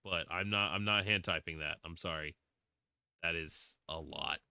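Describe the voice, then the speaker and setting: Bright-toned Southern drawl man streamer. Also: deep voice, normal speed, gravelly, clean tone. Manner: rambling, restarts often, reads chat aloud. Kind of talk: casual live-stream chat while playing.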